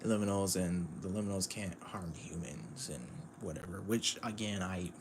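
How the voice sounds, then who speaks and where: A man's voice: low voice, normal speed, noisy background. A man streaming casual commentary on a manga, rambling with lots of fillers and frequent chuckles.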